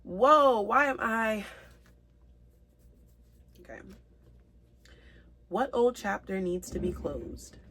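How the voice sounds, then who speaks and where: A woman giving a spiritual tarot reading to her viewers, earnest and emotional, reading card meanings aloud slowly. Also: fairly low pitch, dark tone, slight background noise. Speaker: tarot reader.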